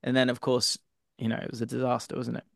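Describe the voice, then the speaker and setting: A man on a football podcast, recounting a story with quick asides. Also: medium pitch, completely flat delivery, vocal fry, dry recording, clean studio sound. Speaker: podcast guest. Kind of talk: casual football podcast chat.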